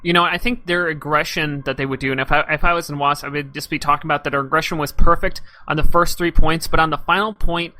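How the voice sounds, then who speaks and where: Fast, bright-voiced male esports caster. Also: on the high side, fairly even intonation. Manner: fast analytical play-by-play. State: losing his voice slightly. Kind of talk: live game commentary.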